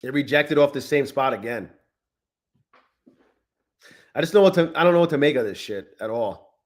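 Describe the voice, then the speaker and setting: A man's voice: medium pitch, expressive, moderate pace, pauses often. A man in his forties hosting a live trading stream, chatting casually with viewers and swearing often. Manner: profane, restless, talks to chat. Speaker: trading livestream host.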